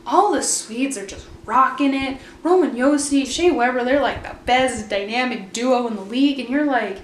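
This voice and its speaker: A young woman telling a story in a casual, chatty way, with lots of fillers and quotes acted out in a higher voice. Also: moderate pace, few pauses, reverberant, slight background noise. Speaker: vlogger.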